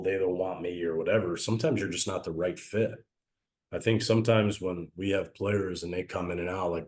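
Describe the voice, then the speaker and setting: A man, a baseball coach and former player, talking earnestly and reflectively about his career in a casual interview. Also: low voice. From Italian-American family. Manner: reflective, earnest, speaks of faith.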